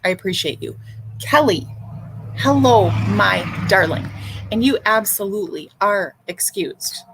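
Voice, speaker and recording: A woman's voice: mid-range voice, lively intonation, unhurried, background noise. A woman hosting a livestream, ranting bluntly and sarcastically with frequent swearing. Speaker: livestream host.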